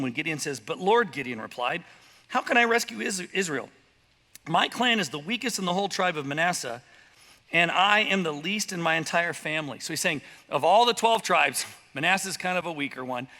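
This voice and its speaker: A male pastor preaching a sermon, animated, slipping into quick voiced impressions and asides. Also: sits high. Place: church sanctuary. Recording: church hall reverb.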